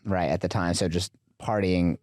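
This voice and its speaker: A deep-voiced man, moderately paced, appears as a podcast guest, chattily retelling a story with plenty of fillers and animation. The sound is clean studio audio without room sound.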